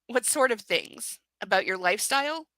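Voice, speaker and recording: A woman reading the lines of a young newlywed wife, hushed and questioning. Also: medium pitch, very animated, moderate pace, dry recording.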